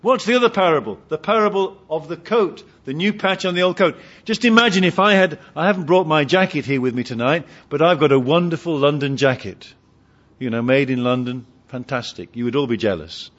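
A man's voice: a little high, brisk. A man preaching a sermon with humour, asking his congregation questions, on a dull lo-fi recording. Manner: humorous, asks the congregation questions.

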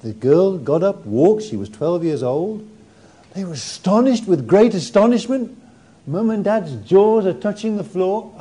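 A man preaching a sermon, retelling the story with animated energy and warm humour. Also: high voice, measured pace, slightly rough.

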